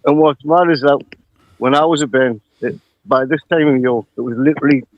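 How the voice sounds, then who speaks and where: A man's voice: medium pitch, steady tone, fairly quick, no room sound, highs cut off. A man with a North East English accent chatting casually, laughing often and using local dialect words. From North East England. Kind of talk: casual chat.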